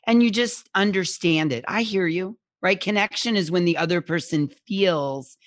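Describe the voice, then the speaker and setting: A woman guest speaking as a parenting expert in a conversational interview, animated and acting out little quotes, often checking in with "right?". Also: fairly low pitch, moderate pace, no echo, clean studio sound. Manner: animated, acts out parent and child quotes, keeps asking "right?".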